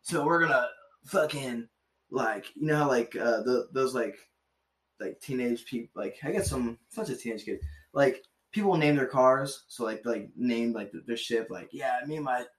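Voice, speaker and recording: A man's voice: mid-range voice, normal speed. A man hosting a podcast, reading historical dates and rambling in casual chat. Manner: rambling, many fillers, swears.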